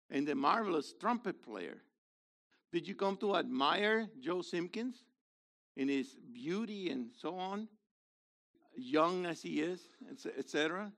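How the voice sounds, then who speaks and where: A man in his seventies with a worn, gravelly voice, preaching a fiery sermon that swings from low murmurs to shouts. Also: expressive, slow. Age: 70s. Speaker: messianic rabbi.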